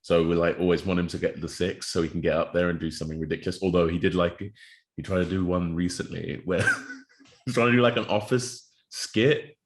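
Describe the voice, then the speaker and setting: Young guy with a really low voice, casual podcast chat, laughs a lot, says bro and mate. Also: flat delivery, quick pace, noisy background. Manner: laughs often, drops slang like bro and mate. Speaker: podcast co-host.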